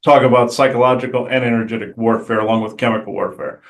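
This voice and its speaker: A man talking as a guest on a podcast, rambling and halting with many restarts and fillers. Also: medium pitch, fairly even intonation. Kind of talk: casual conversation.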